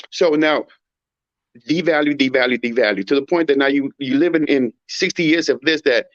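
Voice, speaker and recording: A man's voice: on the high side, fairly quick, no room sound. Man, opinionated casual talk, emphatic, muffled lo-fi sound. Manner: emphatic, rhetorical, mimics others in raised voice. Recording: dull muffled audio.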